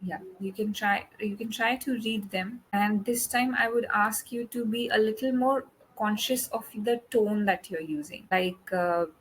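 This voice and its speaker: A woman English tutor giving a one-on-one lesson, explaining grammar patiently and slowing down for her examples. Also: medium pitch, slight background noise, rough recording.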